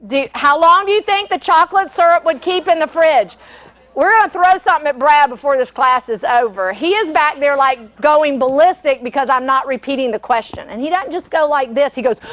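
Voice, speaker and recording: Middle-aged woman, chatty cooking-class teacher, high-pitched, rambling storyteller who laughs easily. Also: a bit bright. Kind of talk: live cooking demonstration with stories.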